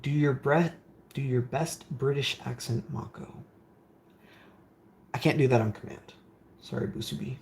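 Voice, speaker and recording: A man chatting casually on a live stream, reading out viewer comments and answering them in a loose, rambling way. His voice sits at an ordinary middle pitch. There is a faint hum of noise behind him. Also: fairly even intonation, measured pace, vocal fry, long pauses, darkish tone. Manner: rambling, with frequent fillers. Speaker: streamer building game consoles.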